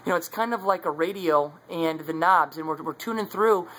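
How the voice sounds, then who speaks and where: A man's voice: fairly high pitch, normal speed, fairly bright tone, low-quality recording. A man sharing his faith in a casual devotional talk, earnest and conversational, recorded on a phone. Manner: earnest, conversational, many fillers.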